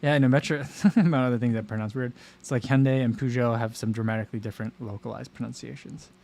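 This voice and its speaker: His voice is medium in pitch, dark-ish and vocally fried, delivered fast with fairly even intonation. The man hosts a relaxed livestream, chatting with viewers in a rambling way full of fillers and self-interruptions.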